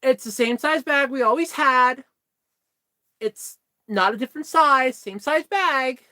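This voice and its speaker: Young woman, casual vlog storytelling, high pitch, dry close sound. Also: unhurried, no room sound. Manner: animated, exasperated retelling. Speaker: vlogger.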